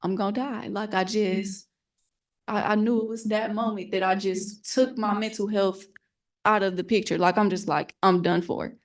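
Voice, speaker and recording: A young woman speaks on a panel in a middle-pitched voice. Her story comes out candid and earnest. She acts out the lines other people said to her as she tells it. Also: steady tone, moderate pace. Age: young adult.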